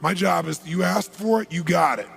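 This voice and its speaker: A man giving a motivational talk, telling a story with animated, rising bursts. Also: sits high, moderate pace, creaky, soft background music. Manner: animated, builds to loud bursts. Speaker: motivational speaker.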